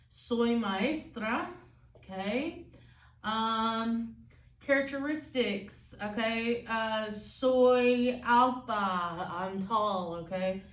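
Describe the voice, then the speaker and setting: A woman's voice: on the high side, recorded from a distance. A woman teaching a Spanish lesson at a whiteboard, asking "okay?" after nearly every phrase. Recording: echoey room, voice from off-mic.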